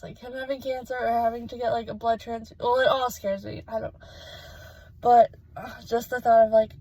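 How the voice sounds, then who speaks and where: A woman's voice: fairly high pitch, mellow, low-quality recording. A young adult woman giving a casual vlog update, rambling and emotional with many fillers. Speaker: vlogger.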